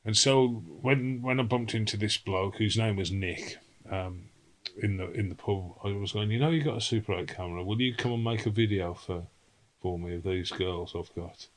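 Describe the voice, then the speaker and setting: A man's voice: lowish voice, normal speed, hardly any pauses, low-quality recording. A man, a guest in a casual interview, telling rambling stories laced with swearing. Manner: rambling storyteller, salty swearing, acts out quotes.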